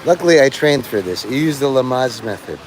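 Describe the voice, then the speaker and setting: Man, middle pitch, meandering and foul-mouthed live streamer talking outside, light rain hiss behind. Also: lively intonation, fairly quick, low-quality recording. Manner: profane, meandering, full of fillers. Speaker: livestreamer. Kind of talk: rambling live stream monologue. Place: outdoors in the rain.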